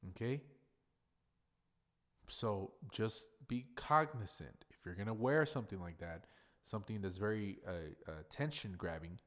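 A man with a very deep, low-pitched voice hosts a solo podcast. He talks casually and bluntly, swears freely, and gives advice in a plain, straight-talking way. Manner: blunt, profane and conversational. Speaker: podcast host. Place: workplace in a hotel lobby.

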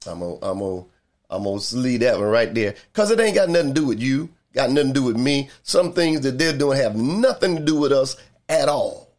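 Older pastor guy preaching, keeps repeating himself for emphasis, slows way down on the big lines. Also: mid-range voice, lively intonation, darkish tone. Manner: repetitive, emphatic preaching with drawn-out pauses. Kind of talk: sermon.

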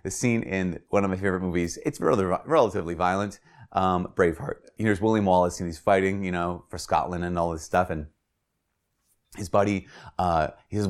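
A man's voice: low voice, brisk. A man, a Catholic priest, giving a spoken homily in an earnest, emphatic way, repeating words for stress. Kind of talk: reflective spoken video homily.

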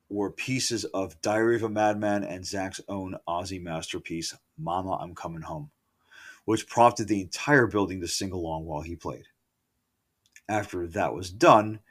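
Profane ranting man, lowish voice. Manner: self-correcting asides, loud outbursts. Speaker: concert reviewer. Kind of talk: casual spoken concert recollection.

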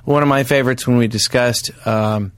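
A man's voice: mid-range voice, fairly even intonation, normal speed, clean tone, no echo. A man co-hosting a comedy podcast, chatting casually and rambling through many fillers and restarts. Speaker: podcast co-host.

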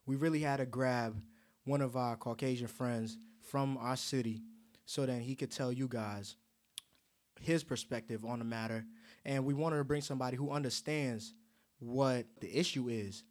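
A young man hosting a casual podcast, his voice sitting in an ordinary middle pitch. He talks upbeat and loose, hyping up his guest with easy slang. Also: steady tone, moderate pace. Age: young adult. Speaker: podcast co-host. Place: table indoors with drinks.

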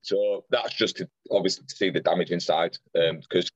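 A young man speaks in a very deep, low voice, retelling his story earnestly and in close detail, often restarting and acting out what people said. The sound is dry and close, with a slightly dull, lo-fi quality. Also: fairly even intonation, moderate pace, no room sound. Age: young adult. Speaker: podcast guest. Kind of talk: personal storytelling in conversation.

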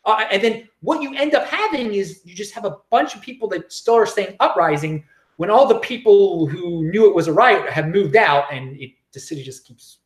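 Man, show host, casual livestream commentary, sarcastic, rambling, animated swings in pitch. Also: normal speed. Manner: sarcastic, rambling, with frequent restarts and chuckles.

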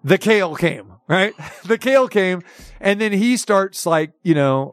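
Chatty male radio host, high voice. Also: measured pace, no echo, clean studio sound. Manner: animated, chatty storyteller with many restarts. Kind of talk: casual storytelling chat.

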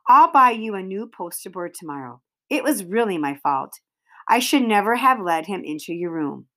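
A woman voicing a gentle, reassuring mother who talks in a soft, soothing way. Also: medium pitch, very animated, moderate pace, pitched below the performer's own voice.

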